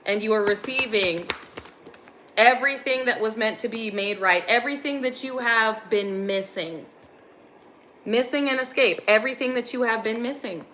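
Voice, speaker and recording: A woman's voice: a little high, fairly bright tone, a little hiss or hum. A young woman giving an earnest, intense channeled spiritual reading to her viewers. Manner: earnest, intense, gets emotional. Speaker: spiritual reader.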